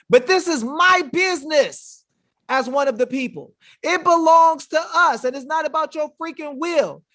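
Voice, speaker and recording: Talking casually to his viewers, this webinar host has an extremely high-pitched, slightly bright voice. He comes across as emphatic, combative, and slangy in a fiery livestream style.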